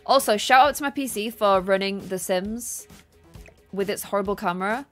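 A young woman streaming a building game, chatting casually and excitedly thanking her viewers. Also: medium pitch, moderate pace. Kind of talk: casual gameplay livestream chat. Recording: faint music behind.

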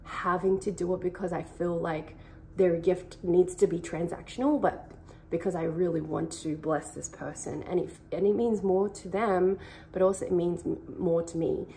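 A woman's voice: on the low side, steady tone, normal speed, vocal fry, warm tone, slight background noise. A young woman, casually giving faith-based advice in an earnest, rambling way, saying "like" a lot. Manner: earnest, rambling, heavy use of "like". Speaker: vlogger.

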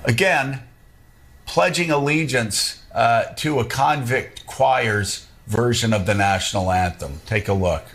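A man's voice: medium pitch, a little slow, fairly bright tone. A man speaking earnestly and emphatically as a cable news panelist. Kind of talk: broadcast political commentary.

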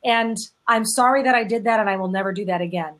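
A woman's voice: medium pitch, fast, a bit bright. A woman hosting a panel discussion, talking in an encouraging and reflective way. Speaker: host.

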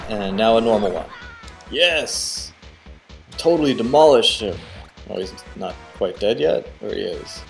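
A man giving casual, excitable commentary while playing a video game, cheering on the character and guessing at the boss's moves. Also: on the low side, moderate pace, gravelly, faint music behind. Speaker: let's play host.

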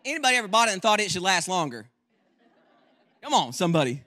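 A man preaches from a church pulpit in a very high, ringing voice. His delivery is fervent and rises into shouts. He also slips into quick, quiet joking asides. The tone stays bright and cutting throughout. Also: sing-song. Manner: impassioned preaching that swells into shouts. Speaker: guest preacher. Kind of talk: sermon.

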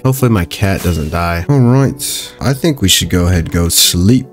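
A young man giving casual, upbeat commentary while playing a video game, thinking aloud with quick exclamations. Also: deep voice, lively intonation, faint music behind. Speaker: gaming YouTuber.

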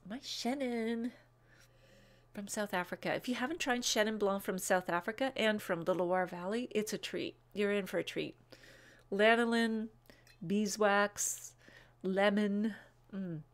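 Woman, live-stream host, bubbly casual chat, frequent ums, rattles off wine names and tasting notes. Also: mid-range voice. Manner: chatty and bubbly, with frequent "um"s and quick asides.

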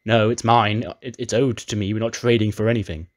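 A man plays a vain, showy male wrestler in a game story. He frets and complains in a fussy, indignant voice, pitched low. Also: flat delivery, brisk, natural voice. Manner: indignant, whiny.

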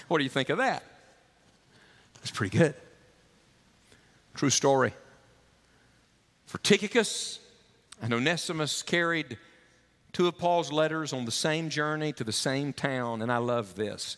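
A man's voice: on the high side, expressive, a little slow, pauses often, a bit bright. A male pastor preaching a sermon, storytelling and pleading with his congregation. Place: church sanctuary. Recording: reverberant church hall.

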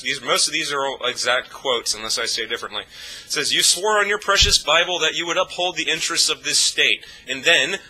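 A man's voice: medium pitch, bright, forceful tone, rough recording. A man vlogging a profane, scornful rant of political commentary. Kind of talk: ranting commentary.

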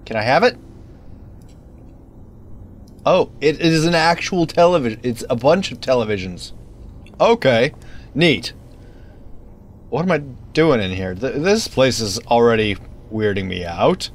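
A man's voice: mid-range voice, sing-song, a little slow, pauses often. A man giving casual commentary while playing a game, chatty and easily startled, wandering into rambling asides. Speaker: let's play gamer.

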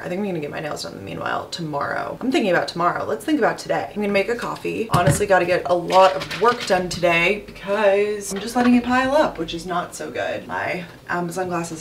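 A woman's voice: lowish voice, a little hiss or hum. A young woman in her twenties chatting casually to the camera as a lifestyle vlogger, rambling with lots of "like". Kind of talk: casual vlog chat to camera. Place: city apartment and streets.

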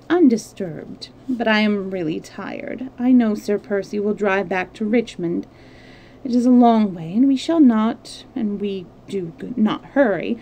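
Lady reading a scared proud young noblewoman, flat mechanical tone, mellow voice. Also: medium pitch, a little hiss or hum, rough recording. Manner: even, mechanical tone. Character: strained young noblewoman, proud but frightened.

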